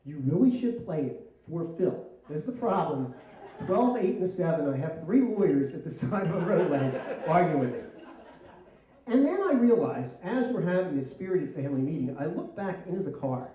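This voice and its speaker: A middle-aged man tells a comic story live on stage, self-mocking and lively. His voice comes from a distance in an echoey hall. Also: on the high side, normal speed. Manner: animated, self-mocking, laughing through lines. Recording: echoey hall, mic from far off.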